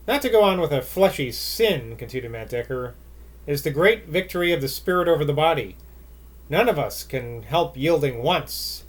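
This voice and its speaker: A man with a slightly high voice reads an old novel aloud, building the dramatic lines with rising emphasis. Between passages he drops into wry, offhand asides to his listeners. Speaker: audiobook reader.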